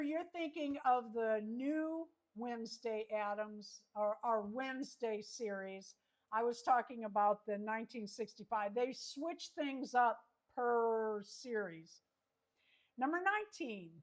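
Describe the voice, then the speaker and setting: A woman hosting a livestream trivia chat, reading each question slowly and repeating it. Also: on the high side. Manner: slow, reads questions twice. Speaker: host.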